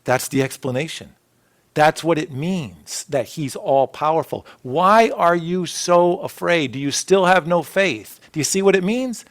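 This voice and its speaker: A man preaching a sermon as a pastor, earnest, with phrases that swell and then drop to a soft hush. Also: fairly high pitch, moderate pace. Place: church sanctuary.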